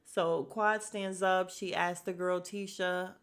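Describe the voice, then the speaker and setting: A woman's voice: on the low side, slow, clean tone. A woman hosting a podcast, recapping a reality show in a casual, gossipy way and acting out what the cast members said. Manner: animated, gossipy, acts out quotes. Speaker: podcast host.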